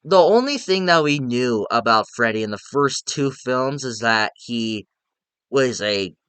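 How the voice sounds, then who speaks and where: Rambling, excited young man reviewing films. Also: mid-range voice, unhurried, clear, resonant tone, dry recording. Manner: rambling and enthusiastic, many fillers and restarts. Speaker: movie reviewer. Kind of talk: casual spoken film review.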